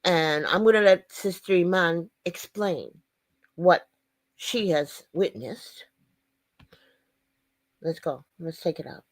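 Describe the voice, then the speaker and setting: A woman's voice: on the low side, animated, slow, long pauses, no echo. A woman host earnestly introducing a clip and speaking straight to her viewers. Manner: earnest, direct address to viewers. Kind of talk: show introduction.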